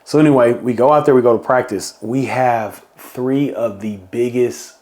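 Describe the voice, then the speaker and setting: A middle-aged man hosts a podcast, telling a story in a casual monologue and acting out quotes with bursts of higher pitch. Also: normal speed, a little mellow. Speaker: podcast host.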